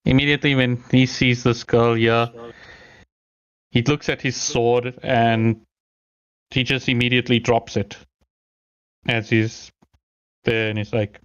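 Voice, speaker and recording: A man playing a tabletop role-playing game, describing his character's actions and speaking his lines in an even, unhurried way. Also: medium pitch, clean tone, dull audio. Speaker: player.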